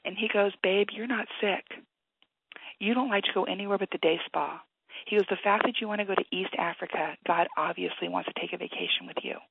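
A woman guest on a call-in radio show, telling a story with animated energy and acting out the people in it. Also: medium pitch, a little fast, creaky, breathy edge, dry recording. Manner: lively, animated storyteller who acts out the voices; quiet, earnest prayer. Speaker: guest author. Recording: tinny phone-line sound.

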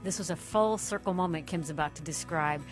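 A woman's voice: lowish voice, fairly quick, music in the background. A woman hosting an interview, reading from a guest's book and leading the conversation. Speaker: host.

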